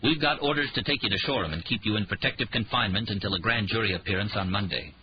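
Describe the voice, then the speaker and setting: Guy doing a calm polite cop, quick and firm, muffled audio. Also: lowish voice, slight background noise, lightly acted. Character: polite firm male police officer.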